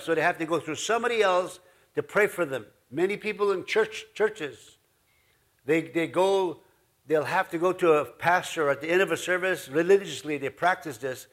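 A male pastor with a fairly high, bright voice delivers a folksy, rambling sermon in his church. His conversational preaching is full of asides.

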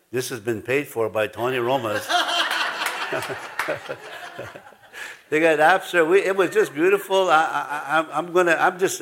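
A male preacher with a slightly higher-than-average voice delivers a sermon in a loose storytelling way. He stops and restarts, laughs, and drifts into asides. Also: sharp tone, a little hiss or hum. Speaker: pastor.

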